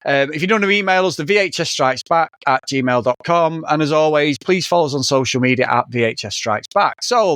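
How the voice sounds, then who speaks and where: Excitable podcast guy, kinda high voice, losing his voice, dry close mic. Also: dry recording. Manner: excitable, swearing, laughing often. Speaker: podcast host. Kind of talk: casual movie review chat.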